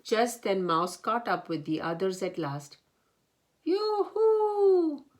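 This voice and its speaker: A woman storyteller reading a children's picture book aloud in a gentle, expressive way. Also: lowish voice, a little slow.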